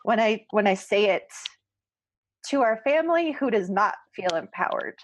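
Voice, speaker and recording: A woman's voice: mid-range voice, lively intonation, normal speed, slight background noise, low-quality recording. A woman co-hosting a podcast roundtable, speaking earnestly and close to tears, often repeating words. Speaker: podcast co-host. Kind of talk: emotional roundtable chat.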